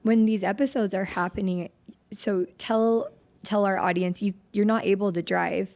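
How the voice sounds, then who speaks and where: A woman's voice: mid-range voice, fairly even intonation, normal speed, darkish tone. A woman hosting an interview, asking sympathetic questions and encouraging her guest. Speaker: podcast host.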